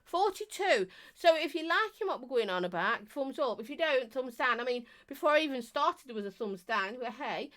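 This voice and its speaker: A woman's voice: high-pitched, animated, normal speed, hardly any pauses, fairly bright tone. Middle-aged woman, live-stream chatter, teasing, non-stop talker. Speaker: vape reviewer and live streamer. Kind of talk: casual live-stream chat reading viewer comments.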